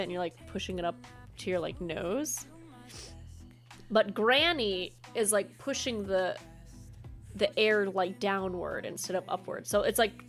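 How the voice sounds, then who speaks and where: A woman's voice: mid-range voice, a bit bright. Giggly girl streamer just chatting while she plays, mid-range voice. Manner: chatty, giggly, explains her character voices. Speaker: game streamer. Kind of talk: casual chat while playing.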